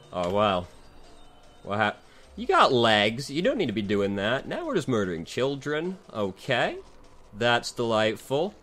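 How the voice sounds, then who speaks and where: A man's voice: lowish voice, fairly bright tone. A man giving dry, sarcastic commentary over a game he dislikes, swearing freely. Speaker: game reviewer.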